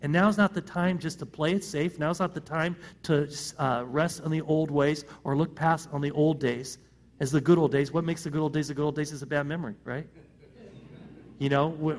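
High-voiced man preaching a sermon. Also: fairly even intonation, normal speed. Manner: conversational preaching with rhetorical questions and repeated starts. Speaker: pastor.

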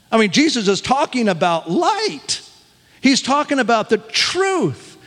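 A man's voice: very high-pitched, a bit bright, in a large hall. An older man preaching a sermon as pastor, folksy and self-deprecating, often chuckling at himself.

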